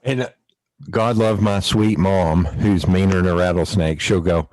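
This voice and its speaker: A man hosting a podcast, telling family stories in a casual, animated way and laughing often. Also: deep voice, unhurried, no echo, poor audio. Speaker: podcast host. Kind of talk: casual storytelling chat.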